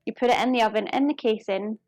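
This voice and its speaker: Her fairly high, slightly mellow voice comes through with no echo as she cooks on a live stream. She's a young woman from Scotland with a Glaswegian accent, chatting casually and warmly with viewers, often apologising and quick to laugh.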